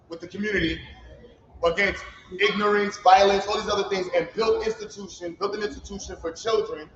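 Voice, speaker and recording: A man's voice: high voice, a little hiss or hum. A man giving an informal, heartfelt ceremony speech in loose, emphatic street talk. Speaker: founder giving a commencement speech. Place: event hall. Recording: roomy, slightly dull livestream audio with faint ambience.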